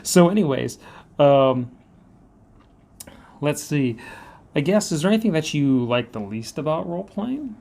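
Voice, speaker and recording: A man's voice: fairly high pitch, very animated, unhurried, gravelly, long pauses, a little mellow. A man with a Southern American accent hosting a casual chat, telling stories with an easy laugh. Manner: chatty storyteller, laughs easily. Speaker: host. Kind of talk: casual conversation.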